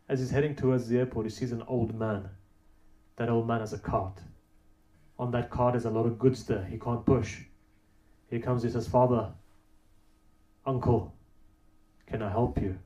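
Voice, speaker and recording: Man, sermon, middle pitch, storytelling, rhetorical questions, emphatic peaks, echoey hall. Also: dark tone. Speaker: preacher. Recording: roomy echo.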